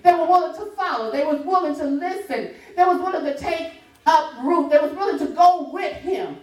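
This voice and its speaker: A woman preaching a sermon, lively and laughing, calling out to the congregation and breaking into half-sung lines. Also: very high-pitched, a little fast. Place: church sanctuary. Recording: roomy church sound from a distance. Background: congregation responding.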